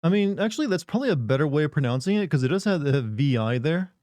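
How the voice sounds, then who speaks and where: A man's voice: a little high, big pitch swings, fast talker, a little mellow, no echo. A man hosting a live stream, joking and rambling in casual banter with his chat on a close desk mic. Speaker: livestream host.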